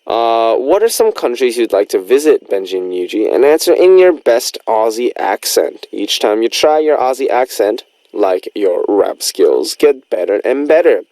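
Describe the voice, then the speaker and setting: Playful male radio DJ with lively delivery. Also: medium pitch, moderate pace, few pauses, no room sound. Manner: playful, teasing, chatty. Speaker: radio DJ host. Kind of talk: radio show hosting, reading listener messages.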